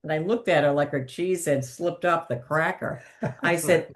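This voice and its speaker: Deep-ish voiced woman impressionist, chatty, laughs a lot, storytelling. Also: moderate pace. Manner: animated, laughs often, switches into voices. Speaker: comedic impressionist guest.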